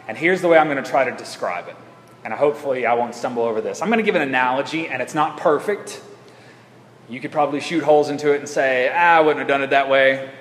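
Speaking quickly in a medium pitch, this pastor preaches to his church in a loose, conversational way, restarting phrases often. The sanctuary's echo carries through the recording.

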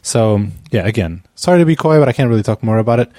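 A man hosting a podcast, chatting casually with a guest. He is chatty, laughs easily and trails off mid-thought. His voice sits at an ordinary pitch and sounds close and dry, with no room echo. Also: animated, quick pace, mellow. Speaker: podcast host. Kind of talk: casual chat. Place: Amsterdam, on a remote call.

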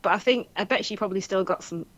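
A woman with a Manchester accent, co-hosting a casual chat and telling animated stories, acting out what people said. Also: mid-range voice, fast, no echo, lo-fi sound. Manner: animated storytelling, acts out quoted voices, laughs often. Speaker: podcast co-host.

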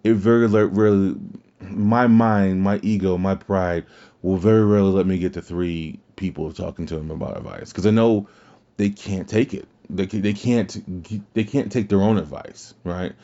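A podcast host with a low, steady, mellow voice rants about wrestling at a moderate pace, blunt and casual, swearing freely. The lo-fi audio sounds dull.

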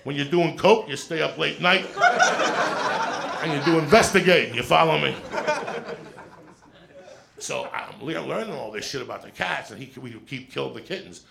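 Gravelly, profane middle-aged comedian man. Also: a little high, moderate pace, pauses often, a little hiss or hum. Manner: profane, animated, frequent "right?" asides. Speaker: stand-up comedian. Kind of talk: stand-up storytelling. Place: comedy stage with audience.

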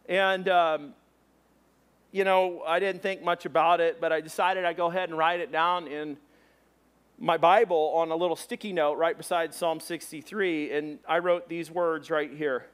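Male pastor, high voice, animated storyteller, sermon delivery, bursts of loud exclamation. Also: normal speed.

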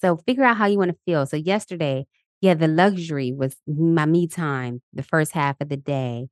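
A woman in her thirties talks in an easy, upbeat way, sharing her days and leading her listeners through affirmations. Her voice sits low and full, and she laughs often. The recording is close and dry, with no room sound. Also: normal speed, no echo. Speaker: podcast host. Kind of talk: casual motivational talk. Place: Los Angeles.

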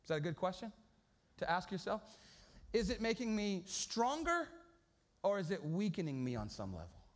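A man's voice: sits high, sing-song, moderate pace. A man preaching a sermon in a casual, storytelling way, often repeating words as he goes. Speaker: pastor.

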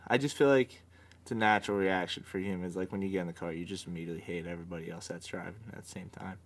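Chill guy on a podcast, lowish voice, swears a lot, laughs easy. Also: steady tone, very fast, gravelly. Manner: laid-back, swears, laughs often. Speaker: podcast co-host. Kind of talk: casual chat.

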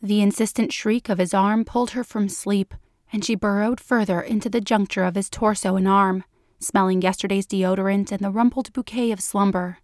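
A woman narrating a written story in a slow, measured reading. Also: medium pitch, steady tone, darkish tone, no echo, studio quality.

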